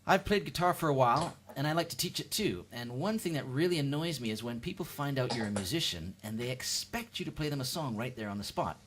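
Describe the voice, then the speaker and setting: Canadian man doing deadpan stand-up. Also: fast, hardly any pauses, slight background noise. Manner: deadpan, with sudden high-pitched quoted voices. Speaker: amateur stand-up comedian. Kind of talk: seated home stand-up routine. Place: at home, lives in the UK.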